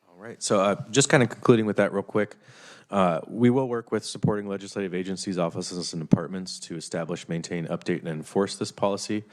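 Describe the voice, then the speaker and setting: A man with a very deep voice walks lawmakers through a basic IT training. He speaks haltingly, full of fillers and restarted phrases. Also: fairly even intonation. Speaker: IT trainer presenting to committee. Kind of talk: committee presentation.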